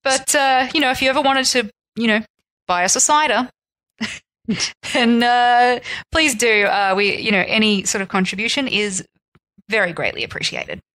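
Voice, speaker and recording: A woman co-hosting a podcast in casual chat, lively and quick to laugh. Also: fairly high pitch. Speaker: podcast co-host.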